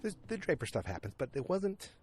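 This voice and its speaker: A man's voice: a little high, sing-song, brisk, darkish tone. A man hosting a podcast, recapping an episode in a loose, rambling, chatty way full of fillers, talking at home while his dog moves around. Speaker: podcast host. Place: at home in New England, moving about with his dog.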